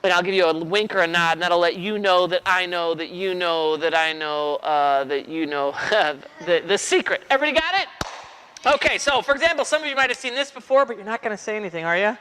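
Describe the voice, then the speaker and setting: Magician guy hyping up a room of kids, jokey, voice jumps all over, bright tone. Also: high-pitched, lively intonation, a little fast, a little hiss or hum. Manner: playful, jokey, audience-rousing. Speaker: children's magician. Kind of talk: live kids' magic show patter. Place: room with a live child audience.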